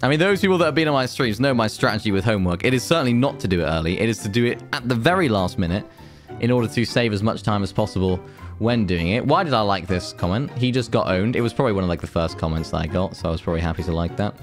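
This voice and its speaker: A man's voice: on the low side, animated, fast talker, faint music behind. A young man doing a casual, jokey reaction video, reading viewer comments aloud and teasing them. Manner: jokey, reads comments aloud in mock voices.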